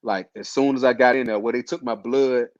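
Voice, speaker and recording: A host recounts his illness story in a laid-back, slangy way, loose with fillers. His medium-pitched voice is steady and a little fast, with no room sound on a dull lo-fi recording.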